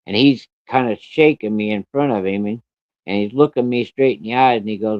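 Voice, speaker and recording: A man with a low voice tells a personal story bluntly and plainly, swearing as he goes. The sound is dry and close, on a dull, lo-fi recording. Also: a little fast, no room sound. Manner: plain-spoken, blunt, cursing.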